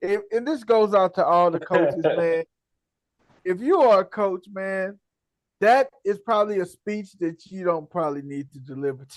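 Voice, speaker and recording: A man's voice: high voice, normal speed, no echo. A man hosting a casual sports talk podcast, easygoing and slangy, laughing often and tagging sentences with "man". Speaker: podcast host. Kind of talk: casual chat.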